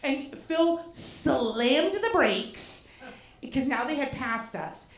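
Woman from Boston, high voice, animated, profane, self-mocking comic storytelling in a roomy, echoing venue. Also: slow. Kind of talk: comedic personal storytelling. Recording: roomy echo.

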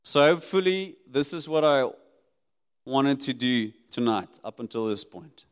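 A man preaching a sermon in an earnest, emphatic way, his voice rising high and dropping low as he drives his points home. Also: lively intonation, a little slow, clear, resonant tone. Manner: earnest, emphatic preaching that rises and drops sharply. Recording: long hall reverb.

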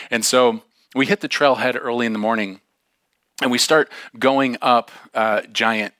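A man's voice: lowish voice, no echo. A man, a pastor, giving a casual storytelling sermon in a conversational way, acting out the dialogue of the people in his story. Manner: animated, acts out dialogue in raised voices; casual and conversational with frequent fillers.

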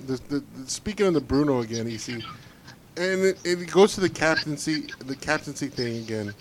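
A man's voice: fairly high pitch, lively intonation, moderate pace, slight background noise. A man co-hosting a casual football podcast, ranting bluntly and swearing freely about his team. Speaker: podcast co-host.

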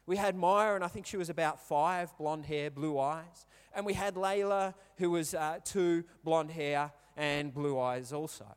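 In a reverberant hall, a thirtysomething Australian pastor gives a conversational sermon of stories and questions to his listeners. His voice is on the high side, clear and resonant, at a measured pace with few pauses.

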